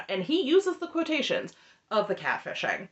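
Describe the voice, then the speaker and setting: A woman's voice: medium pitch, huge pitch swings, unhurried, gravelly, highs cut off. A woman giving an opinionated, sarcastic recap of a reality TV show, laughing often as she talks. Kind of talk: opinionated reaction commentary.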